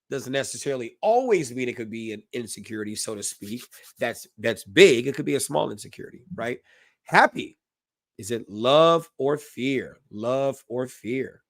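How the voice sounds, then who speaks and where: A man's voice: mid-range voice, no room sound. A man leading a live-streamed parenting class who greets chat viewers by name and repeats his key points.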